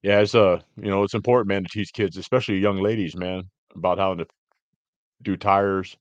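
A man hosting a podcast, chatting casually and telling stories in a lively way, with frequent fillers like "man" and "you know". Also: brisk, dry recording, highs cut off. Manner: animated storyteller, jumps high to act out women in anecdotes. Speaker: podcast host. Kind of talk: casual chat.

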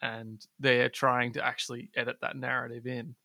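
A man's voice: medium pitch, flat delivery, moderate pace, creaky, sharp tone, dry recording, clean studio sound. A man co-hosting a podcast in casual chat, teasing his partner and thinking aloud as he talks. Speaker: podcast co-host.

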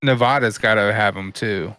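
A man's voice: fairly low pitch, moderate pace, bright, forceful tone, clean tone, dry recording. A man co-hosting a podcast who jumps in during casual chat, swearing and repeating himself. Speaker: podcast co-host.

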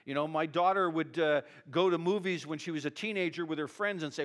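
A man's voice: a little high, brisk, fairly bright tone. A middle-aged male pastor preaching a sermon in a conversational, emotional way, often adding "you know" and "okay".

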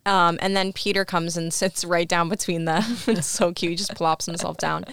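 Co-host, young woman, low smooth voice, dry close sound, acts out scene quotes. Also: flat delivery, moderate pace, a bit bright, no echo. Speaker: podcast co-host. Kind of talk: casual chat.

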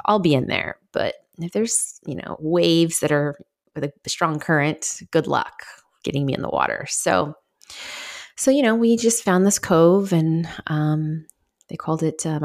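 A middle-aged woman hosting a solo podcast, telling a personal story in a candid, chatty way with lots of fillers. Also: low voice. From Southern California. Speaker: podcast host.

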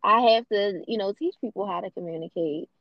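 A woman cohosting a podcast in casual chat, frank and animated, laughing often. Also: mid-range voice, brisk, no echo, muffled recording.

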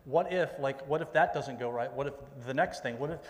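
A man's voice: mid-range voice, fairly quick, lightly acted. A man voicing Moses as an anxious, doubting man who stammers out worried questions, heard with a long hall reverb. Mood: anxious pleading.

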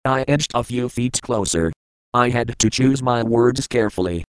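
Smooth-voiced man reading an audiobook. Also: medium pitch, unhurried, dry recording, low-quality recording. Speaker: audiobook narrator. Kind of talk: first-person audiobook narration.

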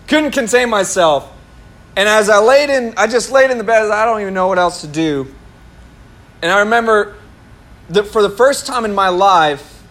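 Man, pastor, high voice, animated sermon, self-mocking, laughs at himself. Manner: animated, laughing at himself, acts out his own past words. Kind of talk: sermon with storytelling.

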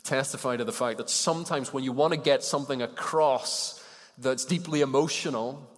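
A man with a medium-pitched voice speaks at normal speed as he gives a sermon to a congregation in a church hall. His manner is conversational, with questions directed at the listeners, and the large hall leaves a long reverb on the recording.

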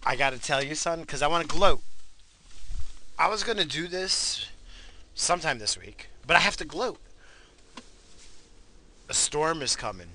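A man hosting a casual rambling monologue, swinging from loud hyped shouts to low muttering, swearing often and coughing now and then. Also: lively intonation, unhurried, pauses often, slight background noise. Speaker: podcast host.

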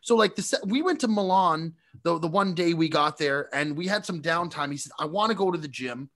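A man co-hosting a casual podcast, telling an animated story and often laughing. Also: on the high side, brisk. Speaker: podcast co-host.

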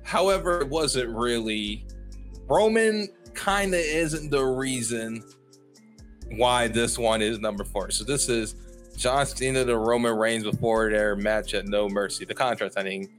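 A man talks through a casual solo podcast, rambling and stopping himself with fillers and apologies. His pitch sits in the middle range for a man. Faint music plays behind him. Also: unhurried. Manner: rambling and self-interrupting, heavy on fillers and apologies. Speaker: podcast host.

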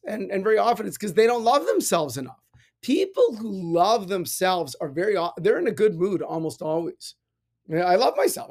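A man, a rabbi, giving a casual spiritual talk and telling personal stories, animated with many restarts. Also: high voice. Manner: animated storytelling with frequent restarts and laughs. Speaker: rabbi, podcast host.

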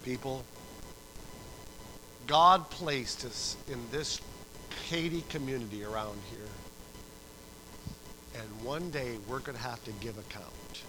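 Animated pastor preaching. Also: male voice, medium pitch, slow pace, pauses often, background noise. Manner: animated storytelling, acting out voices, swings from soft to loud. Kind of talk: sermon.

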